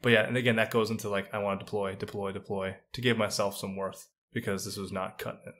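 A man's voice: on the low side, level tone, fast talker, fairly bright tone. A man talking as a podcast guest, candid and self-deprecating about his career. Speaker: guest, special agent. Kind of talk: casual interview chat.

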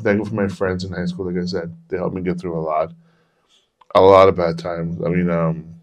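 Deep-voiced man swearing through candid stories. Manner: candid, profane, rambling. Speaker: podcast host. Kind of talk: casual storytelling chat.

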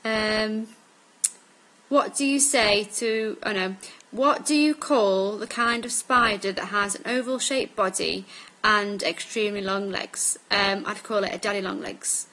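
With a steady, mid-range voice that comes across pushed and bright, a young woman in her twenties from Staffordshire, England, talks unhurriedly through an accent tag word list, her mixed northern accent punctuated by frequent ums. The vlog recording is low quality.

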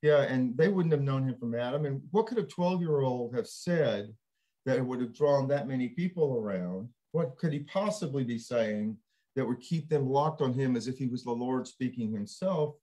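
A man hosting a casual panel discussion, animated and laughing as he acts out quotes. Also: medium pitch, normal speed. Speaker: panel host.

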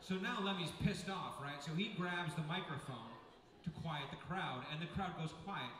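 A man telling a comic story on stage to an audience, with a brisk, profane, punchline-driven delivery. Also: a little high, noisy background. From United States. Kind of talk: live comedic storytelling. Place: large venue with live audience. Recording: echoey hall from far off with crowd.

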